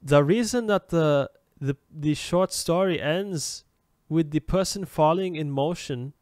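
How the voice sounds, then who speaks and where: A man putting on a thick German accent to give a stiff, overly formal explanation, with his voice pitched up a little. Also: a little slow, a little mellow, no room sound, studio quality, lightly acted. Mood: mock-serious.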